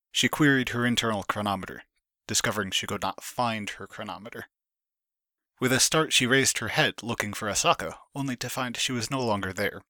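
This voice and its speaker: A man reading a story aloud as narration, steady and measured, picking up speed at tense moments. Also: on the low side, no echo, clean studio sound. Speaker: fan fiction reader. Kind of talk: scripted narration.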